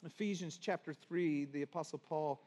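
Earnest high-voiced male pastor preaching. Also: normal speed, long reverb tail. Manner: earnest, swings from hushed to emphatic. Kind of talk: sermon.

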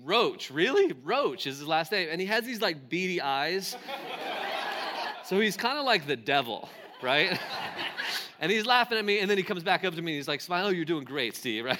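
A man's voice: fairly high pitch, brisk, noisy background. A man in his forties preaching a sermon, telling a funny personal story with laughs and acting out the other people's lines. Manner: animated, laughing, acts out quoted voices. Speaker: pastor.

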